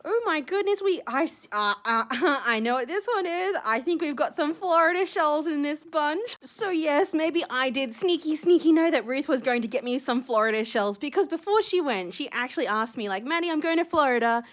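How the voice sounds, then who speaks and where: Giddy, high-voiced young woman gushing. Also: expressive, normal speed, few pauses, a bit bright. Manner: gushing, giddy, gasping with delight. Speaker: shell collector unboxing a gift. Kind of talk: excited unboxing vlog.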